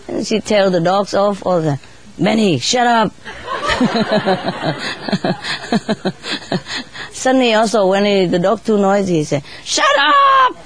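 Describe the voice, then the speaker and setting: A woman chatting casually in non-native English, laughing often and sometimes mimicking birds in a squeaky voice. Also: darkish tone. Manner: laughs often between phrases; imitates birds in high squeaky voice. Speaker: bird keeper telling stories. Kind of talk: casual storytelling.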